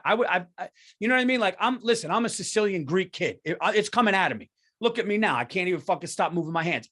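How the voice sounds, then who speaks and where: A middle-aged man with a fairly high voice hosts a comedy podcast. He rants and swears freely, and he jumps between loose storytelling and heated outbursts. His delivery is animated and conversational. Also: quick pace. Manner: profane, heated, ranting.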